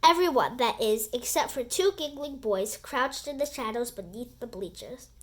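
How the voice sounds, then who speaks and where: A woman reading a children's book aloud in an animated, expressive storytelling voice. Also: on the high side, moderate pace.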